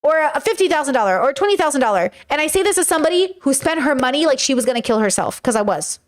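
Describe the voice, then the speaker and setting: A woman's voice: high-pitched, big pitch swings, fast. Frank, rambling woman commentator. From United States. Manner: frank and rambling, swears, talks straight to viewers. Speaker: commentator reacting to a reality show. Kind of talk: casual reaction commentary.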